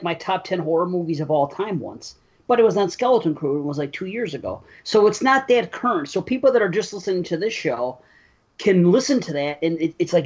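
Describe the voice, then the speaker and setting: A man's voice: sits high, a little mellow, breathy edge. Rambling man on lo-fi podcast audio. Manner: rambling, joking, frequent laughs. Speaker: podcast host. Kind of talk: casual podcast chat.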